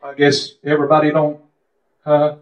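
Male preacher, fervent and confessional, fairly high voice; echoey, muffled congregation recording. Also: completely flat delivery, moderate pace, noisy background. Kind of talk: sermon. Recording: echoey, dull lo-fi room recording.

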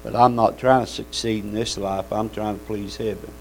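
A man's voice: lowish voice, steady tone, normal speed, creaky, slight background noise, rough recording. A man preaching a sermon in a folksy, fervent way, calling out amens and hallelujahs.

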